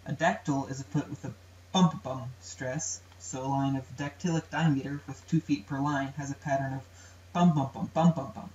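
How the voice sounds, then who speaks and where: A man's voice: mid-range voice, flat delivery, fairly quick, hardly any pauses, a little mellow. A young man, a student presenter, narrates an educational video in a plain explanatory way, sometimes chanting rhythms aloud. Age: young adult. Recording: roomy, distant, dull amateur recording with faint hiss.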